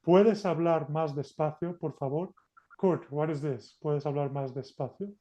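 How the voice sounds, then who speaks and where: Man, mellow tone, leading a patient online lesson over video call. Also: a little high, normal speed. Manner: patient, coaxing, switches between two languages. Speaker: Spanish teacher. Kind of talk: teaching an online group class.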